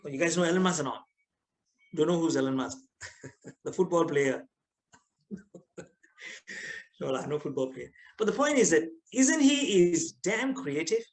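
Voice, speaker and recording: A middle-aged man with a Malaysian English accent giving a lively, teasing online lecture to students, often asking them questions. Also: fairly high pitch, a little slow, pauses often, rough recording.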